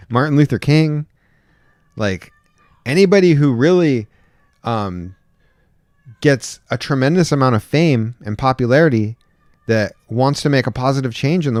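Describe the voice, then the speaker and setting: A man's voice: medium pitch, darkish tone, no room sound. A man chatting casually on his livestream, rambling and reading out chat comments, close to a microphone at home. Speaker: livestream host, rideshare driver. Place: indoor home room. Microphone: close desk microphone.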